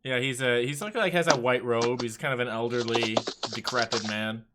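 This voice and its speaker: A man narrating a tabletop game as game master, animated and laughing often, with a rambling, filler-heavy delivery. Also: medium pitch, fairly quick, background noise.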